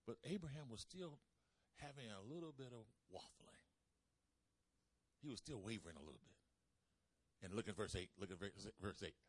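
A man preaching a sermon, calling out to the congregation and swinging between loud emphasis and soft asides. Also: on the low side, normal speed, pauses often, breathy edge. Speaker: pastor.

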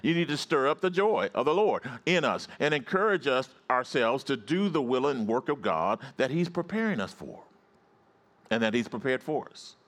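A man's voice: sing-song, moderate pace, fairly bright tone. Man preaching with call-and-response. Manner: swings from low storytelling to high rising exclamations. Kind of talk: sermon.

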